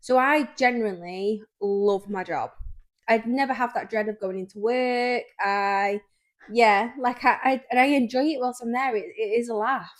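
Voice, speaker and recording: A woman's voice: on the high side, normal speed. A British woman co-hosting a podcast, chatting casually and enthusiastically, often repeating herself. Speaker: podcast co-host. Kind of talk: casual chat.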